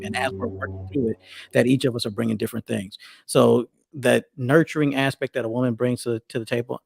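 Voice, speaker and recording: A man's voice: medium pitch, gravelly, a little mellow, slightly rough, dry recording, clean studio sound. A middle-aged man talking casually as a podcast co-host, rambling and restarting his sentences often. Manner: rambling, many restarts and self-corrections. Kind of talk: casual conversational talk.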